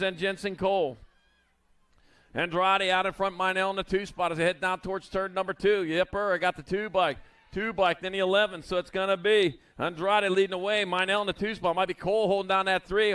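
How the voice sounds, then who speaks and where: A man announcing BMX races live at an outdoor track, calling the riders with playful nicknames in a quick, folksy manner. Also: high-pitched, a bit bright, clean tone. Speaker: race announcer. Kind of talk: live race commentary.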